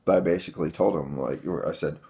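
Gravelly low-voiced man telling a story. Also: quick pace, dark tone. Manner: rambling, many fillers, addresses viewers as guys. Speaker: vlogger telling a home defense story. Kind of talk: casual storytelling to camera.

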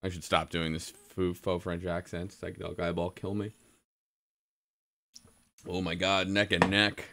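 A man's voice: deep voice, level tone, measured pace, gravelly, pauses often, sharp tone, slight background noise. A man casually commenting on a game he is streaming, joking and swearing freely. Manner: joking, profane, laughs often.

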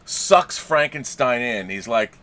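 A man's voice: medium pitch, animated, slow pace, bright, forceful tone. A man hosting a casual chat about a classic film, chiming in with jokey quips. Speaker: podcast host.

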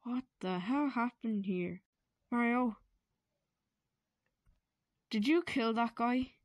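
A woman's voice: on the high side, slow, dry recording, highs cut off. A woman voicing a bossy, exasperated older brother plumber who keeps scolding his sibling.

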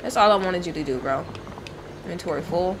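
A woman gaming streamer with a fairly low-pitched voice talks casually and briskly during gameplay, with a little hiss or hum on the audio. She's jumpy, swearing and yelping when something frightens her.

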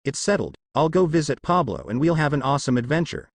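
A man's voice: on the high side, big pitch swings, fast, dry recording. A man voicing a brash, cheerful young male ninja who talks in a boisterous, bragging way. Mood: boastful.

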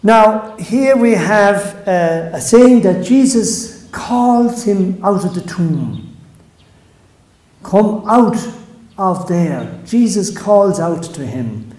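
Priest delivering a sermon; unhurried, soft trailing phrase ends, warm low timbre, roomy echo. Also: male voice, expressive.

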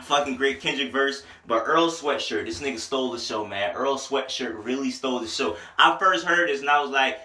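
A man reviewing an album in a casual, rambling way, excitable and full of slang, with a headache. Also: mid-range voice, a little fast. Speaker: music reviewer. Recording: echoey room.

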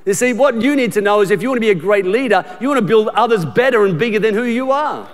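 A middle-aged Australian man preaches in a fairly high voice, emphatic and repetitive, restarting sentences as he talks to the congregation. His voice carries a long reverb through a large church auditorium. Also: lively intonation, fast. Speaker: pastor. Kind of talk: sermon.

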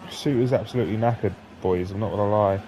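A man giving live, sweary commentary on his own football video game, jumping between excited shouts and flat grumbling. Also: on the low side, fast talker, muffled recording, slight background noise. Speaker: gaming YouTuber.

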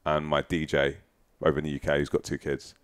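Deep-voiced man chatting as a podcast guest. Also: monotone, fast talker, clear, resonant tone. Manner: chatty, tells long anecdotes. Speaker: guest musician. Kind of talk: casual podcast chat. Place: front room of a house.

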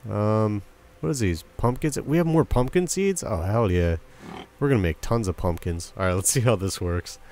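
Speaking at normal speed in a lowish, expressive, slightly mellow voice, a young let's play commentator talks casually through his game. He banters with the characters, yelping and making silly noises.

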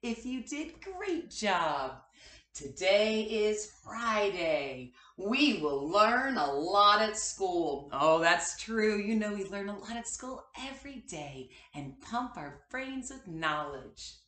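A woman teaching a kindergarten class its morning meeting, slow and encouraging as she speaks to small children. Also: mid-range voice, big pitch swings, a bit bright, echoey room.

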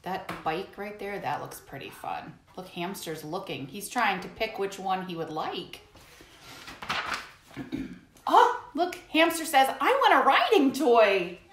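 A woman hosts storytime for young children and reads a picture book in a slow, animated, sing-song voice. Her voice sits fairly high and leaps around. The room has a clear echo and a faint hiss. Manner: animated, sing-song, talks to kids directly. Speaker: children's music teacher and host. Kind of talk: storytime read-aloud for kids.

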